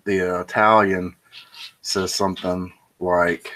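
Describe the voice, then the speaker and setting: A man's voice: deep voice, fairly even intonation, a little slow, pauses often, fairly bright tone. A man hosting a casual monologue, telling a bar joke with restarts and asides. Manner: rambling, with restarts and self-commentary. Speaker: host.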